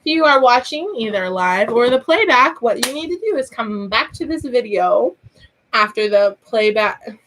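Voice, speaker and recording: A woman's voice: a little high, expressive, moderate pace, a bit bright, a little hiss or hum. A woman in her thirties with a sore throat, hosting a casual live-stream chat, rambling and laughing often. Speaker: online teacher and channel host.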